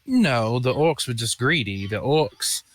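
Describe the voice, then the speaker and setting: A man's voice: mid-range voice, expressive, unhurried. A man playing a tabletop game in character, talking bluntly in a rambling, colloquial way. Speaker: player. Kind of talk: in-character tabletop role-play.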